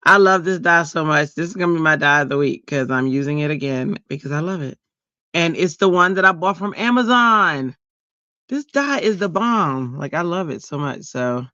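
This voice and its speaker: A man's voice: on the high side, no echo, muffled recording. Chatty middle-aged man hosting a craft stream. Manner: chatty, laughs often, animated storytelling. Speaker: crafting livestream host. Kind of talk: casual livestream chat.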